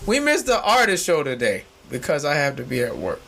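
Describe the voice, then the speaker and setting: A man hosting a casual podcast, his voice pitched high and bright with a forceful edge. He rambles through jokes in loose, slangy talk and can jump into loud, shouting bursts. The feel is off-the-cuff chat among friends. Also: huge pitch swings, a little fast, creaky. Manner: uses informal slang. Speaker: podcast host.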